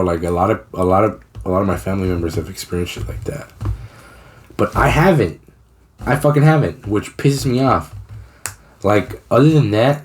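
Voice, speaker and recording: A man's voice: low voice, darkish tone. A young man co-hosting a podcast, telling a story in casual, slangy, profane talk. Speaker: podcast co-host.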